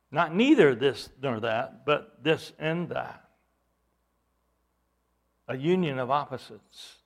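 A man preaching a sermon, retelling a scripture passage with quoted dialogue and frequent restarts. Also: fairly high pitch.

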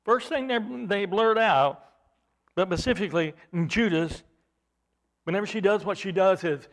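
Male preacher, high voice, sermon delivery that climbs and falls for emphasis. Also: normal speed, pauses often. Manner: rising and falling emphasis, repeats words while building points.

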